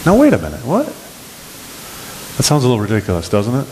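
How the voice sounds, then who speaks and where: Animated male preacher giving a sermon. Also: medium pitch, fast, a little hiss or hum, rough recording. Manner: animated preaching, acts out scripture scenes. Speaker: pastor.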